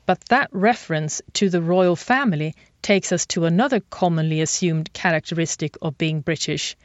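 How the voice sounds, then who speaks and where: A woman reporter delivering scripted documentary narration in a measured, clear way. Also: on the low side, no echo. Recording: dry, slightly dull, faint music.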